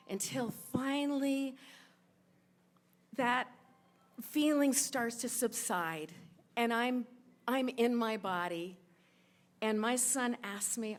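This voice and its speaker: A woman in her forties telling a true personal story on stage, emotional, rushing through some parts and slowing way down on others. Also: on the high side, lively intonation. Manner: emotional, quick bursts of telling with sudden slowdowns. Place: stage at a live event in a sports bar.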